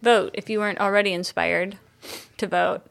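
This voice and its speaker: A woman's voice: medium pitch, fairly even intonation, moderate pace, creaky, a bit bright. A woman co-hosting a podcast in casual chat, swearing freely and using many fillers. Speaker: podcast co-host.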